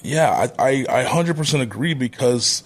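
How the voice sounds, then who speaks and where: A man in his thirties, a wrestler as podcast guest, speaking in a measured, thoughtful way. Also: medium pitch, expressive. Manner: measured, deliberate delivery with frequent restarts. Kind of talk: thoughtful interview talk.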